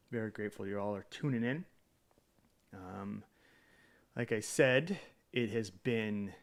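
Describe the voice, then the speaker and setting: A man's voice: medium pitch, a bit bright. A man streaming live in a casual chat, greeting viewers by name, rambling with hesitant fillers and self-deprecating jokes.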